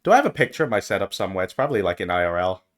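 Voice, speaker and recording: A young man streaming as a VTuber, chatting casually with his viewers and jumping from mumbled asides to loud yelps. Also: low-pitched, sing-song, very fast. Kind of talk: casual live-stream chat.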